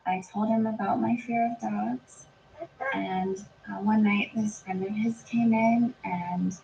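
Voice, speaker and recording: Woman guest, gravelly voice, calm storyteller, dull lo-fi audio with faint hiss. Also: medium pitch, takes it slowly. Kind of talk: casual chat.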